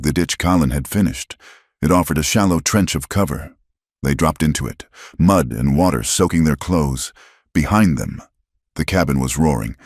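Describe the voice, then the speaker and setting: A man's voice: rumbling low, husky, dry recording, clean studio sound. A man giving dramatic scripted narration of a story.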